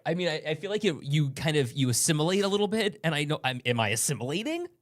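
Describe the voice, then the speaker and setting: A young woman from downstate New York co-hosts a casual morning TV show. She talks in a chatty way, laughs easily and reads viewer comments with a lively, swinging pitch. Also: quick pace. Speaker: TV news co-host and reporter.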